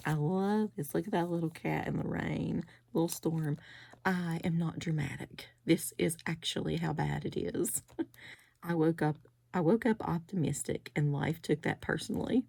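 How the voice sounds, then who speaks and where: A woman's voice: low voice, a little slow, creaky, darkish tone, breathy edge. A middle-aged woman, chatting casually and rambling through a haul video, with giggly asides. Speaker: crafting vlogger.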